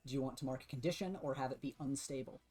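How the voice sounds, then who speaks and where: A man's voice: mid-range voice, fast talker, over a noisy crowd. A man running a tabletop role-playing game as game master, narrating action loosely with many fillers and restarts.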